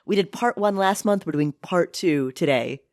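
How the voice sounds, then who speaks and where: A woman hosting a podcast in casual, upbeat chat, emphatic and quick to laugh. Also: on the low side, lively intonation, darkish tone. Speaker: podcast host.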